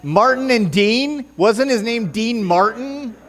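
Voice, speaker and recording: A man's voice: very high-pitched, expressive, slow pace, a bit bright. A man preaching a sermon in church, joking and bantering with the congregation and stumbling over his notes. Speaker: pastor.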